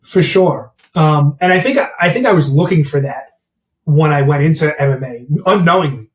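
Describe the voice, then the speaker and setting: A man's voice: fairly high pitch, expressive, normal speed. A man who works as a mindset coach and gym owner, talking bluntly and candidly in a casual interview and swearing freely. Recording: roomy, distant mic.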